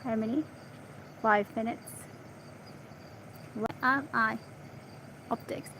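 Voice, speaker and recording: Slow, halting woman reading aloud. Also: a little high, fairly even intonation, a little hiss or hum, low-quality recording. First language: Arabic. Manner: halting, checks her pronunciation aloud in quiet asides. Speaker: reader practicing English.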